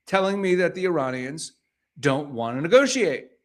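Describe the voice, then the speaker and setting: A man works through a run of news items, reading each one aloud before restating it bluntly in his own words. His voice sits a little higher than most men's, and he presses his points with rhetorical questions. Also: big pitch swings, moderate pace. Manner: reads passages then paraphrases them pointedly, with rhetorical questions. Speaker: news commentator. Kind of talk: reading headlines aloud and commenting.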